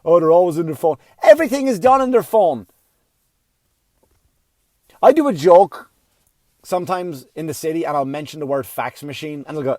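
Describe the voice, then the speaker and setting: A man's voice: high voice, lively intonation, fairly quick, dry recording. Profane ranting stand-up comedian, man. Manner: profane, ranting, swings from mutter to yelling.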